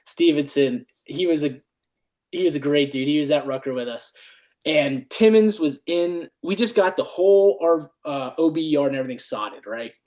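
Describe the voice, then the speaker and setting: A man's voice: fairly high pitch, lively intonation, normal speed, a little mellow. A middle-aged man, a retired army dog handler, telling stories on a podcast, swearing freely and laughing often. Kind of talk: casual storytelling chat.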